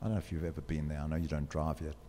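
A man's voice: very deep voice, level tone, rapid-fire, warm tone, slight background noise. A man gives an earnest motivational talk to students, asking them direct questions. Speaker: speaker addressing students. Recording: long hall reverb.

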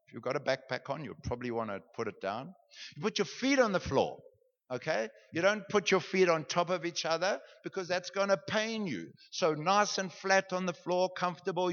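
Animated man teaching prayer. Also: on the high side. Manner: animated, joking, conversational. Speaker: pastor teaching a class. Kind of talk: guided meditation lesson. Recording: dull, reverberant hall.

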